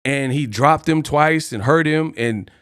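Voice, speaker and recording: A man's voice: on the high side, measured pace, fairly bright tone, no echo, clean studio sound. A man hosting a boxing live stream, ranting boastfully and taunting his chat with repeated challenges. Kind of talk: heated live stream rant.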